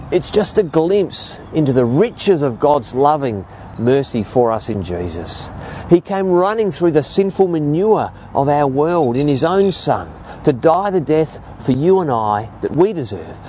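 A man in his fifties with an Australian accent, preaching a sermon and telling stories to make his point. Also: a little hiss or hum. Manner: animated storytelling preacher, lively rises and drops in pitch.

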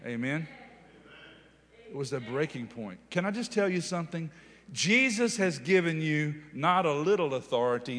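A fairly high-voiced man preaching a sermon, telling a story with lively animation and rising to loud, emphatic declarations. His voice rings with the long reverb of a large hall. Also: normal speed. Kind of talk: sermon testimony.

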